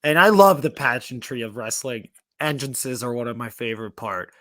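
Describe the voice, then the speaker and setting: A man's voice: medium pitch, expressive, moderate pace, fairly bright tone, dry recording, studio quality. A man co-hosting a wrestling podcast in casual chat, cynical and heavy on filler words. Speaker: podcast co-host.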